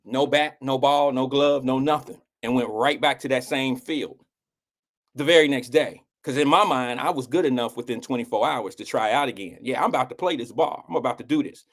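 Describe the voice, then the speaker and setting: A middle-aged man hosting a live show, telling a personal story in a blunt, animated way, with casual swearing and acted-out quotes. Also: a little fast. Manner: animated, acts out quotes with swings in pitch. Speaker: host.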